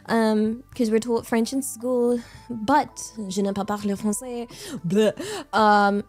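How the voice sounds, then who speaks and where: Bubbly high-voiced English woman streamer. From England. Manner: bubbly, chatty, laughs often. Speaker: VTuber streamer. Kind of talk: casual chat with viewers.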